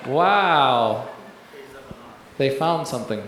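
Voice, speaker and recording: A man's voice: medium pitch, lively intonation, extremely slow, crowd noise. A man giving a rambling testimony in a sermon, with many fillers and restarts, often laughing as he tells it. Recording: very echoey room, faint background noise.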